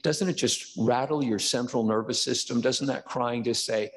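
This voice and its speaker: A man's voice: mid-range voice, normal speed. An older man giving a conversational sermon as pastor, now and then acting out quoted voices. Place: church sanctuary. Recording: long church reverb.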